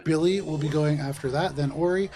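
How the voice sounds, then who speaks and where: A man's voice: fairly high pitch, brisk, warm tone. Man running a tabletop game. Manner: descriptive, calls for rolls. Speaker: dungeon master.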